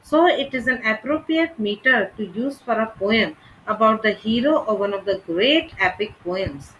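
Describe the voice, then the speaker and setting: A woman reading a scripted literature lesson in a measured, deliberate way. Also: fairly high pitch, lively intonation, a bit bright, muffled recording, slight background noise. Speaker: literature teacher.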